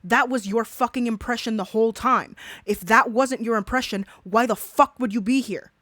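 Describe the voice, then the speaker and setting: A woman's voice: fairly high pitch, moderate pace, a bit bright, no echo, studio quality. A woman giving a profane reaction commentary, ranting angrily and swearing heavily. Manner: angry, ranting, heavy swearing.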